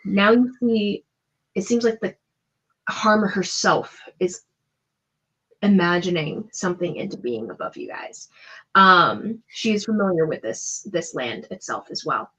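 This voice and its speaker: A woman runs a tabletop game and narrates the scene in a loose, chatty way. Her voice sits at a middle pitch and leans on plenty of fillers. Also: expressive, measured pace, a bit bright, husky. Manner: descriptive, chatty, full of fillers. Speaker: game master.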